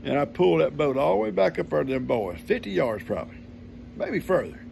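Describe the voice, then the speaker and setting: Older man, very gravelly, slightly high voice, folksy storyteller. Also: big pitch swings, brisk, darkish tone, slight background noise. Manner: folksy, homespun grammar, chuckling storyteller. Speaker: vlogger telling a family story. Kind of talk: casual storytelling.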